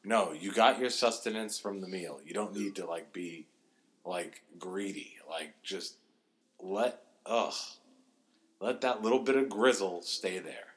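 A man co-hosting a casual podcast chat, talking with animated, exaggerated disgust and drawn-out groans. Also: low-pitched. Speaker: podcast co-host.

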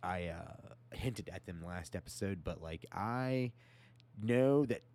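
Man from the united states, forties, podcast co-host, low pitch, hesitant, repeats words. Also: lively intonation, takes it slowly, a little mellow. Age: 40s. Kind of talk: casual chat.

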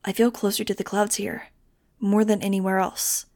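A woman voicing a gentle winged teenage boy. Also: mid-range voice, little pitch movement, normal speed, close to an everyday voice. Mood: tender. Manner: soft and tender.

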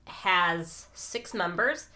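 A woman's voice: lowish voice, very slow, bright, forceful tone. A woman co-hosting a podcast in casual chat, getting over a cold, chatty with giggly asides. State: recovering from a cold. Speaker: podcast co-host.

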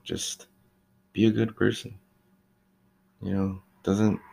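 A young man with a deep voice and a gravelly, creaky edge talks in a loose, rambling rant. He sounds exasperated, peppering his speech with "like", "you know" and swearing as he vents about work at a fast-food shop. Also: little pitch movement, warm tone. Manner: exasperated, venting about rude customers. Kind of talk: casual ranting monologue.

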